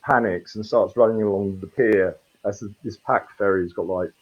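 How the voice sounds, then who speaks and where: A man in his fifties, a street performer, telling a rambling, animated story and swearing freely. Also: fairly low pitch, moderate pace, highs cut off. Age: 50s. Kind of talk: casual storytelling.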